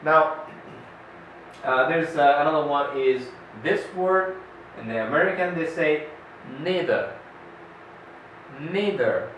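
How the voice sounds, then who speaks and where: A man teaching a classroom pronunciation lesson, speaking deliberately, pausing with "uh" and repeating each model word. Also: on the high side, a bit bright. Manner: slow, deliberate, with many "uh" pauses and repeated model words. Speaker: English teacher. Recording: echoey room, voice far from the mic, faint noise.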